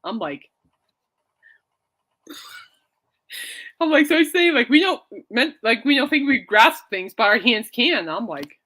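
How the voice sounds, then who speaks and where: A woman's voice: on the high side, expressive, a little slow, long pauses, bright, forceful tone. A woman hosting a casual podcast, rambling and laughing often as she chats. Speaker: podcast host. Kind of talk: casual chat.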